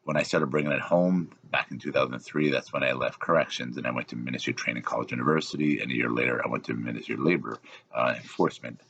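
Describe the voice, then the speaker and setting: A man's voice: very deep voice, fast, vocal fry, fairly bright tone, slightly rough, muffled recording. A middle-aged man hosting a podcast, talking in a rambling, casual monologue that often repeats itself. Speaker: podcast host.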